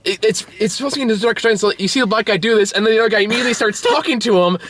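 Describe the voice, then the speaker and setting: A man's voice: high-pitched, racing, a bit bright. A young man in casual chat reviewing a movie, rambling, swearing and laughing often.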